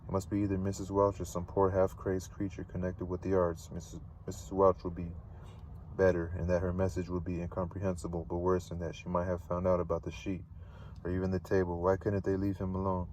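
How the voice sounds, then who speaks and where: A man reading a novel aloud, steady but stumbling and repeating words now and then. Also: low-pitched, fairly quick, recorded from a distance, a little hiss or hum, rough recording. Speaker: read-aloud narrator.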